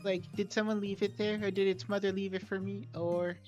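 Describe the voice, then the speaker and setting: Sweet, eager teenage girl in a game reading, a man voicing her high and bright over soft music, slightly dull sound. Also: flat delivery, a little fast, close to an everyday voice. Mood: playful. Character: sweet cheerful teenage girl, gentle and earnest.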